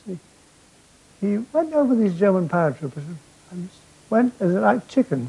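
An older man telling wartime comic anecdotes on stage, with dry deadpan timing and stammered restarts. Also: high voice, normal speed, vocal fry, pauses often, a little hiss or hum, low-quality recording. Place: theatre stage before a laughing audience.

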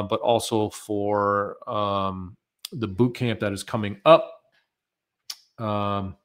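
A man's voice: fairly low pitch, a bit bright. An American man presenting a live webinar, talking loosely and conversationally with many fillers as he answers viewer questions.

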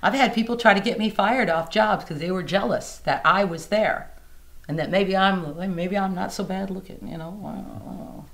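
A woman blues singer telling stories in a casual interview at a music museum, animated and acting out the people she quotes. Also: medium pitch, normal speed.

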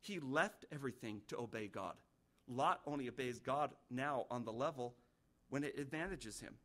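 A middle-aged male pastor preaching a sermon, earnest, with sudden rises in pitch and loudness. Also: normal speed.

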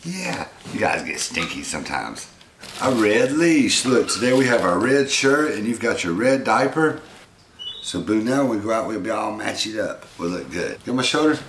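A man's voice: lowish voice, expressive, moderate pace, a bit bright, echoey room, a little hiss or hum. A man casually unboxing fan mail and talking sweetly to his pet monkey. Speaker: pet vlogger.

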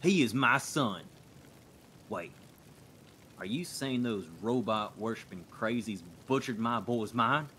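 An actor playing a gruff older farmer father who lost his son, talking in emotional bursts. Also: medium pitch, takes it slowly, pauses often, bright, forceful tone, a little hiss or hum. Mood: anguished.

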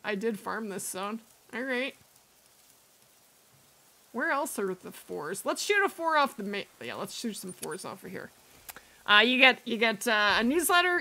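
A woman's voice: a little high, pushed and bright. A woman streaming a hunting game live, chatting casually, thanking viewers and often laughing. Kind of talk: live gameplay stream chat.

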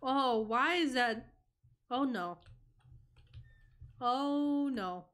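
A young woman streaming a horror game, reacting out loud, swearing and talking to the game as she plays. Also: sits high, expressive, extremely slow. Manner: jumpy, swearing, talks to the game. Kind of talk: live gameplay reaction.

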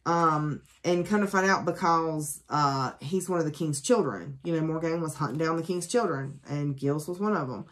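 A woman's voice: low-pitched, moderate pace, few pauses, a bit bright. A woman reviewing a book in a casual, chatty way, full of ums and asides, with sarcastic jokes along the way. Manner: sarcastic, joking. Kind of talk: casual spoken book summary.

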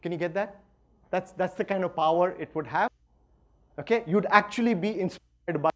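Man, Indian English accent, middle-aged, high-pitched, animated workshop lecturer. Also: normal speed. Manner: lively, playful, swings between loud emphasis and quiet asides.

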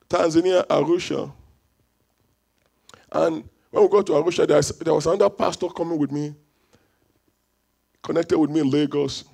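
A man preaching a fervent sermon in a church service, repeating phrases for the congregation and bursting into shouts. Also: a little high, vocal fry. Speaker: pastor.

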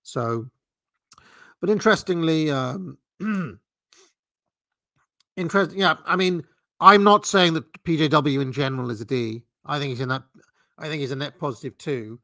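A man's voice: a little high, moderate pace, long pauses, bright, forceful tone, dry recording. A man giving rambling, opinionated commentary on a livestream, full of fillers and restarts. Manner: dismissive, opinionated. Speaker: political commentator.

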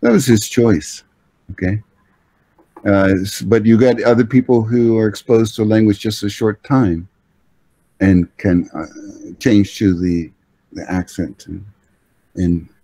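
Language expert, male, deep mellow voice, halting delivery, dry close sound. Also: slightly rough, no echo, poor audio. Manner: measured, hesitant, with frequent uh and restarts. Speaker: language-learning expert guest. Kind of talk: explanatory answers in conversation.

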